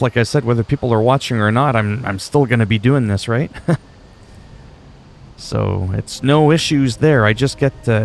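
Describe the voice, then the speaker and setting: A man from Canada whose first language is French talks casually to his viewers while gaming, wandering from point to point. His voice sits mid-range, and faint background hiss runs under his talk. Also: mid-range voice. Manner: rambling, chatty, talks to viewers. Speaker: game streamer.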